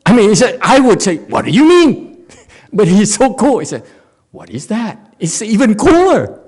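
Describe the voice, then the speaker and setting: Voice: mid-range voice, big pitch swings, moderate pace, a little mellow, slightly rough. A Zen teacher and native Korean speaker giving a Buddhist dharma talk in English, playful, laughing often and quizzing the audience.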